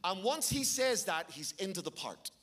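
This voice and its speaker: Animated Irish preacher with a high voice. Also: male voice, moderate pace. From Ireland. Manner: animated storytelling with sudden shouted bursts. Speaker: pastor. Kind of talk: sermon.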